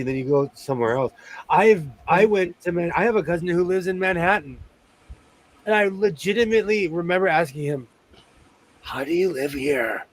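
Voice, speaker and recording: A man's voice: high-pitched, slight background noise. A man from Los Angeles chatting casually as a host, rambling through stories with many restarts. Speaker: sewing show host. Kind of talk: casual chat.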